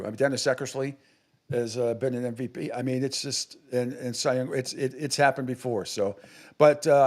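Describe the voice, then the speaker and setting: A man's voice: medium pitch, darkish tone. A man in his fifties hosting sports radio, giving a blunt, profane, opinionated monologue.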